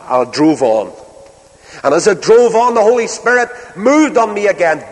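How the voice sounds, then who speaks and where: A man's voice: sits high, animated. Emphatic Northern Irish preacher man. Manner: emphatic, storytelling preacher with dramatic pauses and slow stressed phrases. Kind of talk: sermon. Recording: reverberant hall.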